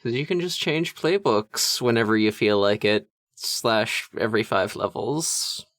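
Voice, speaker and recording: A man's voice: fairly low pitch, unhurried, fairly bright tone, no echo. A man co-hosting a podcast in casual chat, musing and rambling, swearing casually. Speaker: podcast co-host. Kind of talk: casual chat about tabletop games.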